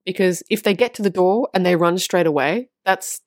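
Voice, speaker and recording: A woman's voice: fairly low pitch, normal speed, dry recording, clean studio sound. A woman vlogging to her viewers in a casual, earnest monologue, repeating phrases for emphasis and swearing now and then. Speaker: spiritual vlogger on twin flames.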